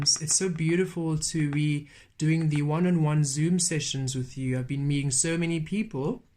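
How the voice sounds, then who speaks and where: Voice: mid-range voice, darkish tone, slight background noise. A tarot reader giving a channeled spiritual reading, repeating soothing phrases in an incantatory way and laughing often. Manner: slow, incantatory repetition with frequent laughter. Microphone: camera on a table.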